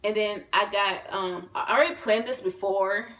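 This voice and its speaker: A woman in her twenties, a vlogger telling a story to camera in a rambling, excitable way, full of fillers and swearing. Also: mid-range voice, moderate pace, distant mic, rough recording. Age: 20s.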